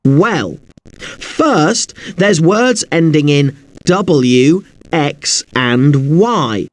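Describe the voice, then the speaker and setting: A man teaching an English spelling lesson, spelling words out slowly letter by letter. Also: a little high, animated, no echo.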